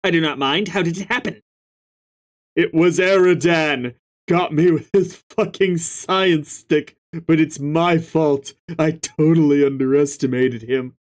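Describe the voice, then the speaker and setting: A man voicing a blunt, gloomy young male alien troll who has just gone blind, in a low, flat, quiet voice. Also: a little slow, close to an everyday voice. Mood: grumbling. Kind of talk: dramatic reading of a webcomic.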